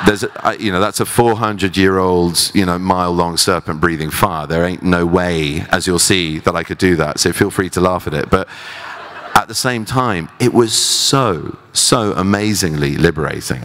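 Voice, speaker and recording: Man, very deep voice, halting, self-deprecating, on-stage interview, long hall reverb. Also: a bit bright. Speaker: actor and festival guest. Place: festival theater stage.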